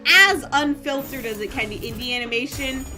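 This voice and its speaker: A young woman streaming a game, chatting casually, reading the story text aloud and breaking into playful, excited outbursts. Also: high-pitched, brisk, over music. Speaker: gaming streamer.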